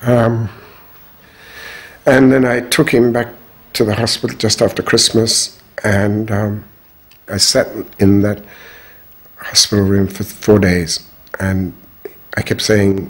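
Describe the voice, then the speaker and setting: A husky, low-pitched older man telling his own story in an interview. He speaks in a measured and frank way, with firm opinions. His voice has a breathy grain throughout. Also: fairly even intonation. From Australia. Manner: measured, frank, strong views. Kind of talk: reflective personal storytelling.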